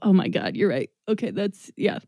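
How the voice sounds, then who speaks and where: A woman's voice: medium pitch, big pitch swings, moderate pace, creaky, warm tone, no room sound, clean studio sound. A woman in casual podcast chat, rambling through a film's story with lots of fillers and laughter. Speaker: podcast guest presenting a film.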